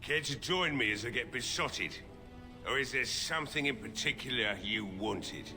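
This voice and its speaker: An actor playing a grieving old village blacksmith who is gruff and drinking, in a fantasy video game. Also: male voice, mid-range voice, animated, normal speed, sharp tone, soft background music. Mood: weary. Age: older.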